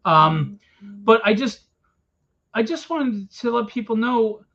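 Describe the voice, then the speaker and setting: A man's voice: high-pitched, lively intonation, slow, bright, forceful tone. A man who is a comic book publisher delivers a blunt, confrontational rant to a small crowd in a room at a convention, swearing freely. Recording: dull lo-fi event recording.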